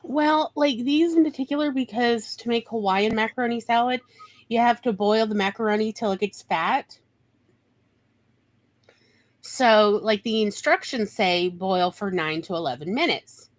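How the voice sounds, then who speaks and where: A woman's voice: fairly high pitch, measured pace, no echo. A woman chatting casually with a friend on a stream, wry and given to sighs as she tells stories. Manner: wry, sighing, storytelling. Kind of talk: casual chat.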